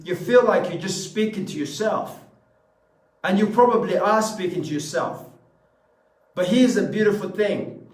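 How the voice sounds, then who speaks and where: Male motivational speaker, high voice, emphatic and repetitive, heard from afar in a reverberant room. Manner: emphatic, repeats phrases, asks the audience questions. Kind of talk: motivational talk to a live audience. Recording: echoey room from a distance.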